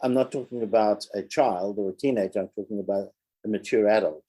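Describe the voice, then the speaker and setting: A man co-hosting a podcast, speaking in an earnest, emphatic, measured way about personal growth. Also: on the low side, mellow, poor audio. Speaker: podcast co-host. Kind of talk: earnest reflective discussion.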